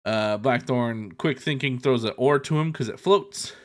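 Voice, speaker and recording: A man co-hosting a podcast, casually retelling a TV episode in a loose, profane way with quick asides. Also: mid-range voice. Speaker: podcast co-host. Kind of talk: casual chat recapping a TV episode.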